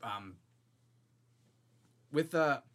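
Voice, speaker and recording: Laid-back young Australian man, bright voice. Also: mid-range voice, lively intonation, drawn-out words. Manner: laid-back, joking, swears casually. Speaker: podcast co-host, band member. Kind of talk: casual chat.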